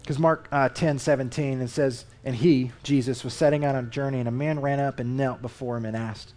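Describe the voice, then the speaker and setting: A man's voice: mid-range voice, brisk, hardly any pauses, faint music behind. Man preaching a casual sermon. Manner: conversational, emphatic, animated Scripture reading. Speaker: lay preacher. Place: church.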